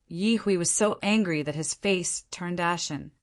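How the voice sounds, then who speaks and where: A woman narrating an audiobook in scripted fashion. Her reading is even and steady, with a fairly low pitch. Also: unhurried, hardly any pauses.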